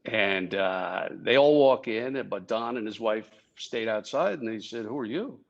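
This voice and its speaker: An older man from New Jersey tells stories with a joking, animated delivery. His voice sits low with a gravelly edge. The audio is a bit dull and lo-fi. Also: a little slow. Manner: animated, joking, acts out dialogue. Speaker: former Secret Service agent, guest. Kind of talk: anecdotal storytelling.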